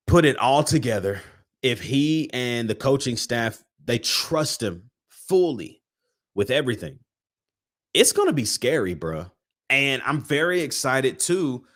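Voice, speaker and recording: A man hosting a casual solo sports talk show, rambling and restarting often, sounding frustrated at times. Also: mid-range voice. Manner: rambling, repeats words, frustrated. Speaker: sports channel host.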